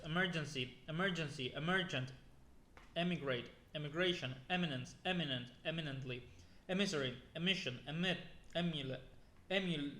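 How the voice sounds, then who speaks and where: A young man plods through a long list of words, one after another, sometimes tripping and starting a word over. His voice sits a little high for a man. The sound bounces around an echoey room. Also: pushed and bright. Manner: plodding word-by-word reading with restarts and weary asides. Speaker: YouTuber. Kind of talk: reading a word list aloud.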